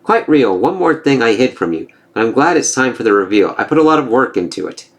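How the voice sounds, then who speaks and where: A man's voice: medium pitch, very animated, fairly quick. A man reading the lines of a smug, gloating male corporate villain from a comic, taunting as he speaks.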